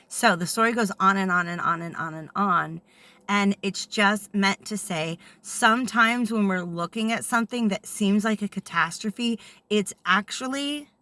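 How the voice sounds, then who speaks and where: A woman's voice: medium pitch, pushed and bright, no echo. A woman giving a casual spiritual talk as a channeler, telling stories and checking in often with "okay?".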